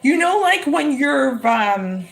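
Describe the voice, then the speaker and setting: A woman giving a live-streamed tarot reading, talking emphatically and repeating her phrases with excitement. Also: high voice, slow, creaky. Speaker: tarot reader.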